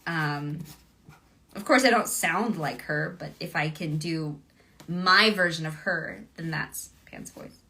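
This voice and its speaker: A woman's voice: sits low, slow pace, bright, forceful tone. A woman voice actress chatting casually with fans during a livestream autograph session, bubbly and gushing, and laughing often.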